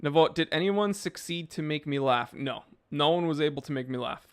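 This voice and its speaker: A man's voice: on the high side, brisk, smooth. A man hosting a live stream, reading chat messages and answering in a laid-back, rambling way with lots of fillers.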